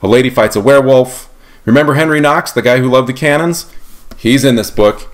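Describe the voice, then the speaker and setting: A man, an author, playfully retelling a history story in a casual, animated way. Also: mid-range voice, brisk. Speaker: author telling his book's story.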